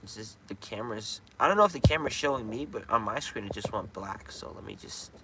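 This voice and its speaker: A man's voice: on the low side, lively intonation, quick pace, background noise. A man chatting casually on a live stream, rambling and restarting his sentences, chuckling now and then. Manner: rambling, restarts often, chuckles while retelling scenes.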